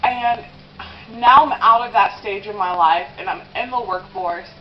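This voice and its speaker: A woman's voice: medium pitch, unhurried, muffled recording, slight background noise. A woman in her twenties talking in a confessional vlog while eating, rambling with lots of "um" and "like", and tearful at times. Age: 20s. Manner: rambling, with many "um" and "like" fillers. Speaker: vlogger.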